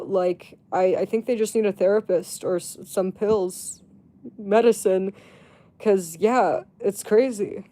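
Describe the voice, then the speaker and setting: A woman's voice: medium pitch, dark tone. A woman livestreamer telling a gossipy story in casual chat, blunt and rambling, swearing freely and laughing often.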